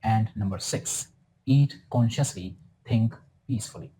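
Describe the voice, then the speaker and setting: A man narrating a scripted spiritual self-help guide in a calm, soothing, instructive way. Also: fairly low pitch, unhurried, low-quality recording. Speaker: wellness guru in a clip.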